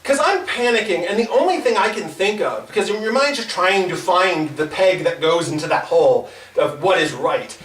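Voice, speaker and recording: A young stand-up at an open mic in a small comedy club delivers his stories haltingly, stammering and restarting many times, in a high, animated voice. Recorded without a mic from across the room, the audio sounds distant and echoey, with laughter from the audience.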